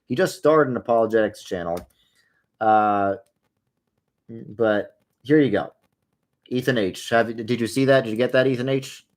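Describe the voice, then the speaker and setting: A man's voice: medium pitch, measured pace, pauses often. A young man hosting a casual livestream, answering viewer questions while he plays a game, rambling along with wry, sarcastic asides.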